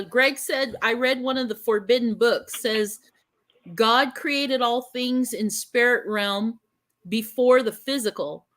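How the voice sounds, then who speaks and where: Easygoing female co-host, higher-pitched, teasing, reading chat comments. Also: fairly bright tone. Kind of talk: casual livestream chat.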